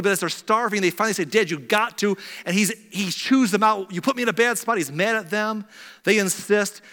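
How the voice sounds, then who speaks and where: A man delivers a sermon in a chatty, conversational way, sinking into quiet intensity when the point turns serious. His voice sits a little high for a man. A long reverb trails his words, as in a large sanctuary. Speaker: pastor.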